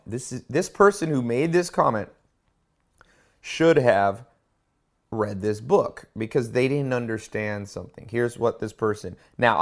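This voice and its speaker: Male host, lowish voice, emphatic, casual book talk with lots of restarts. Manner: emphatic, stresses key words, restarts often. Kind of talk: casual spoken commentary.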